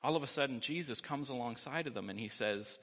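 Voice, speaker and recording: A male pastor delivers a sermon in a bright, forceful voice that carries a long reverb through a church hall. He keeps it conversational, checking in with the congregation with "right?" and slipping in light jokes. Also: mid-range voice, fairly quick.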